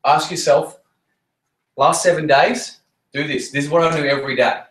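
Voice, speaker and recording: A man's voice: a little high, steady tone, normal speed, fairly bright tone, slight background noise. A man giving a blunt, swearing motivational talk to his team in a meeting room, hammering points with repetition. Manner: blunt, repetitive, swears freely, punchy emphasis. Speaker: network marketing team leader. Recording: roomy echo.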